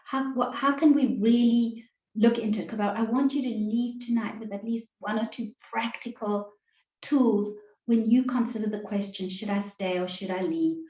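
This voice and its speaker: A woman relationships coach giving an online workshop presentation in a measured, deliberate way over a video call. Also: a little high, steady tone, darkish tone. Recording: roomy, slightly dull sound.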